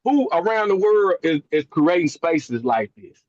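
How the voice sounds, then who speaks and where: A man's voice: on the high side, big pitch swings, unhurried, darkish tone, dry recording, lo-fi sound. A man calling in from inside his truck, talking earnestly and often stammering and repeating words. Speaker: call participant. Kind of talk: casual call-in talk. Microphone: online call.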